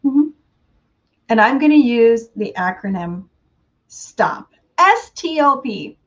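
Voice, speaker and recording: A woman giving a casual inspirational talk, unhurried and laughing often between thoughts. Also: on the high side, animated, muffled recording. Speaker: motivational speaker.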